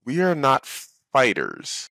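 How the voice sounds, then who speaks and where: A man at a tabletop game makes wry, joking asides in a mid-pitched voice. The sound is dry, with no room echo. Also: wildly swooping pitch, slow pace, pushed and bright. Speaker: player. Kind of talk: casual chat at a gaming table.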